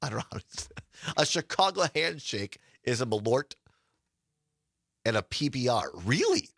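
A man's voice: medium pitch, very animated, normal speed, gravelly, a bit bright, breathy edge, dry recording, clean studio sound. A man hosting a casual radio talk show, chatty and laughing often as he reads promos.

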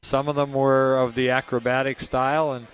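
A man's voice: medium pitch, moderate pace. Guy breaking down a hockey game on the radio, easygoing, faint hiss behind. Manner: relaxed, rambling, chuckling. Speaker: hockey analyst. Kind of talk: post-game radio analysis.

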